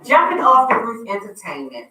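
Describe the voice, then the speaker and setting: Bright-toned woman hosting a radio show. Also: fairly high pitch, huge pitch swings, normal speed, reverberant, distant mic, low-quality recording. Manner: chatty, teasing, promotional. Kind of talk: casual radio talk show chat. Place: radio studio.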